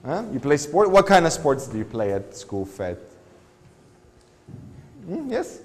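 A man's voice: a little high, big pitch swings, measured pace, in a large hall. A man teaching an English lesson in a school classroom, patiently asking the class one question after another. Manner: patient, asks many questions.

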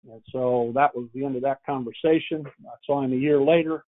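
A man's voice: mid-range voice, fairly even intonation, fairly quick. A man giving a product training lecture on pumps, speaking in a folksy, plain-spoken way with frequent restarts and stories. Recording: tinny phone-like sound.

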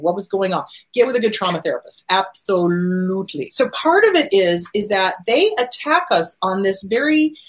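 A middle-aged woman hosting a relationship advice talk, answering viewer questions and driving her points home by repeating them. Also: medium pitch. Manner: emphatic, repeats key phrases. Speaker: host.

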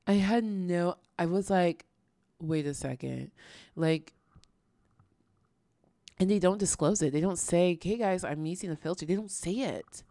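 Woman, casual reaction host, lowish voice, dry close sound, rambling and exasperated. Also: unhurried, long pauses, dark tone, dry recording. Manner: chatty, exasperated, lots of fillers and restarts.

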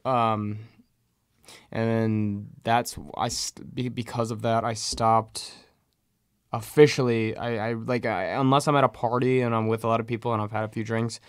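A man's voice: mid-range voice, flat delivery, moderate pace, clear, resonant tone, dry recording, clean studio sound. A young man and podcast co-host telling a story in casual chat, rambling with many fillers. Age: young adult. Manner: rambling, lots of "like" fillers, acts out quotes.

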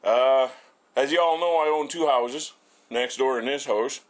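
Unhurried and mid-range in pitch, a middle-aged man rambles through a casual, profane vlog. He swears nonstop and talks bluntly while cooking and giving a look at his small house.

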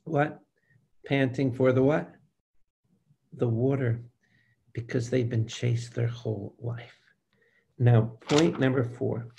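Slow, gravelly older male preacher. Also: mid-range voice, steady tone, warm tone. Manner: slow, emphatic preaching that speaks to the listeners directly and asks them for amens. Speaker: priest teaching a Bible study. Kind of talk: preaching to a live group.

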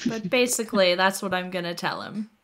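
A woman playing a character in a tabletop role-playing game, chatty and quick to laugh. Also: medium pitch, a bit bright. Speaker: player.

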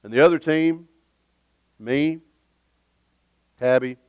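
A man's voice: fairly high pitch, slow pace, clean tone, dry recording, lo-fi sound. A man preaching a sermon as pastor in a church, emphatic and conversational, with joking asides. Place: church sanctuary.

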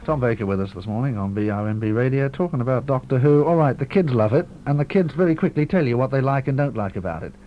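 A man hosting a radio interview, asking brisk, conversational questions. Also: mid-range voice, faint music behind. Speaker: radio host. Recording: muffled 1970s radio archive with hum.

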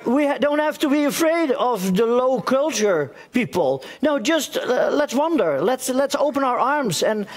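A man introducing a book on stage, stumbling and restarting his phrases. His voice is very high and moves in lively swings. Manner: halting, stammering speech. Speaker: introducer at a cultural evening. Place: theater stage.

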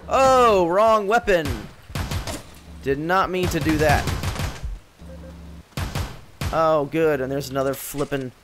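A man's voice: fairly high pitch, steady tone, a little slow, pauses often, over music. A man giving let's play commentary, swearing and yelping in frustration as he plays. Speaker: gameplay commentator.

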